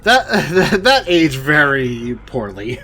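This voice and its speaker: A man's voice: fairly high pitch, sing-song, slow, bright, forceful tone. A man giving casual, chatty gameplay commentary, full of fillers. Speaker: streamer. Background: game music.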